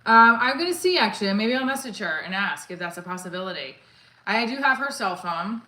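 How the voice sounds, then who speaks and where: A woman's voice: mid-range voice, expressive, a little fast, sharp tone, echoey room, low-quality recording. A woman comedian live-streaming while working out, out of breath and chatting casually with viewers as she reads their comments. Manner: chatty, answers viewers' comments, counts reps aloud.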